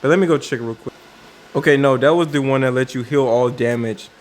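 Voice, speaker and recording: A man's voice: mid-range voice, a little fast. A man casually commenting on a card game's new cards, thinking aloud with many fillers and restarts. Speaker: card game video creator.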